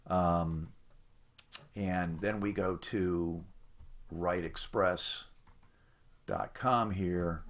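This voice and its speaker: A man walking through websites in an unscripted screen-recorded demo, explaining in a mildly skeptical tone and filling pauses with "uh". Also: low-pitched. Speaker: website presenter for a rhyming site. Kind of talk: casual screen-recorded walkthrough.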